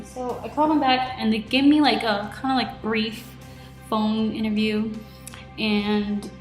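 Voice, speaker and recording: Chatty young woman in an echoey room. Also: on the high side. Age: 20s. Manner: chatty, lots of "like", retells with quoted reactions. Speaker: vlogger. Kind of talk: casual video diary.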